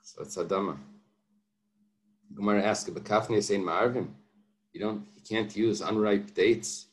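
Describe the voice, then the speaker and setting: Here a man with a lowish, steady voice speaks at a measured pace while teaching his daily Talmud class. He reads the Aramaic aloud, translates each line, and mixes patient explanation with gentle joking asides.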